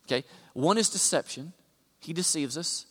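A male pastor delivering a sermon in a slightly high voice. He moves from soft, talky asides to loud, driving repetition. A long reverb trails his words, as in a big hall. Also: lively intonation, moderate pace, slightly rough. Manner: builds from quiet asides to loud emphatic repetition.

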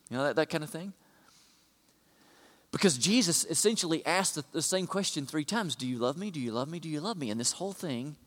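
A male pastor delivering a sermon in a slightly high voice. He moves from soft, talky asides to loud, driving repetition. A long reverb trails his words, as in a big hall. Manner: builds from quiet asides to loud emphatic repetition.

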